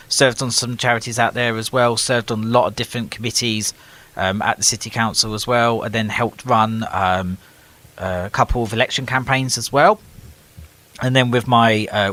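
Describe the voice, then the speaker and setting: Bright-voiced English man telling stories. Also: mid-range voice. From England, east London. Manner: lively storyteller, acting out what people said. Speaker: podcast guest. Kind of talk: casual podcast chat.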